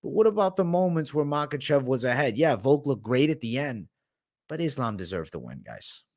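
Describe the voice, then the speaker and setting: A man's voice: medium pitch, big pitch swings, fairly quick, darkish tone. A young man hosting a casual livestream, reading viewers' questions aloud and answering with blunt, slangy opinions. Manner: slangy, says bro and man often.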